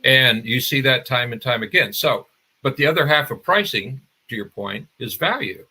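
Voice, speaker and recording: A man's voice: medium pitch, expressive, normal speed, sharp tone, husky. An older man, a marketing expert guest, explaining in a conversational interview with restarts and examples.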